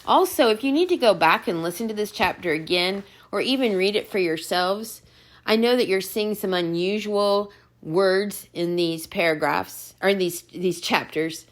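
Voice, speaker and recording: A woman teacher reading a children's novel aloud, gentle and encouraging as she talks to her students. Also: mid-range voice, moderate pace.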